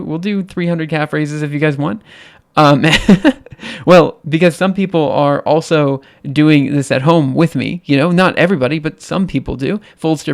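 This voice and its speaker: Light-voiced man rambling on a live stream. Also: on the high side. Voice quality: light, somewhat androgynous voice. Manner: rambling, many ums and restarts, laughs easily. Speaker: livestream host. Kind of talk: casual live-stream chat.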